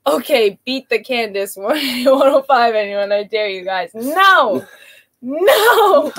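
A woman co-hosting a casual livestream, excitable and gushing, laughing often and close to tears. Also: a little high, slow. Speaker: livestream co-host thanking viewers.

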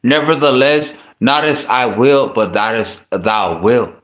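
A man's voice: medium pitch, lively intonation, a bit bright, voice pushed down. A man putting on a solemn, sorrowful voice in anguished prayer. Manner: slow, solemn, archaic phrasing. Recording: roomy echo.

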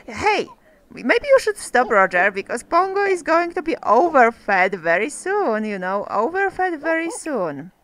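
Woman gamer, high bouncy voice, chatty play-by-play. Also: very animated, unhurried, a bit bright, poor audio. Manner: chatty, talks to game characters, exclaims over cute moments. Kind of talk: casual gameplay commentary.

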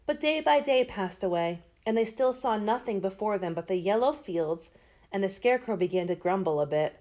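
A librarian reads a children's storybook aloud, her lively voice rising and falling through the narration. She sounds mid-pitched for a woman. The recording is dull and lo-fi. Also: normal speed. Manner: expressive.

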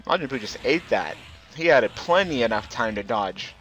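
An excitable man commentating a fighting game match, with a bright, forward voice. His pitch jumps around freely as he reacts to the action. He rambles and chuckles between calls. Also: moderate pace, faint music behind. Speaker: gameplay commentator.

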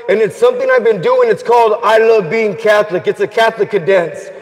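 A man giving an energetic Catholic faith talk, leading prayers and call-and-response chants and urging the crowd to cheer along. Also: high-pitched. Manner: rallying, exhorts the crowd to cheer and repeat. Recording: long reverb from a large hall.

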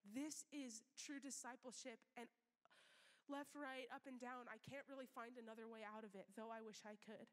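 Woman, high voice, sniffly, earnest sermon, emphatic repetition, church room. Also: steady tone, moderate pace, big-room sound. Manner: earnest and emphatic, repeats key phrases. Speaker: missionary preacher. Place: church meeting room during worship.

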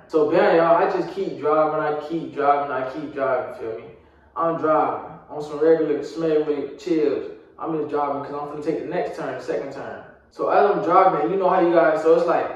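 A man's voice: fairly high pitch, darkish tone, lo-fi sound. A young man telling a casual, slang-heavy storytime vlog, full of fillers, addressing his viewers. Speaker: vlogger. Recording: very echoey room, voice far from mic.

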